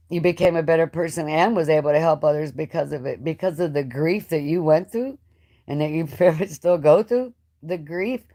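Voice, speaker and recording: A woman with a low voice talks in an emotional, halting ramble, often restarting her sentences. She is hosting a live-stream chat with a guest. Her tone stays raw and unpolished throughout. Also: dark tone. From United States. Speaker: channel host.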